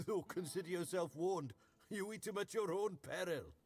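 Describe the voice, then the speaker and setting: An actor voicing a wry, chuckling farmer husband in game dialogue. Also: male voice, high voice, lively intonation, measured pace, darkish tone, slightly rough, heavily acted. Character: older male farmer, wry and joking. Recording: distant, faint game audio.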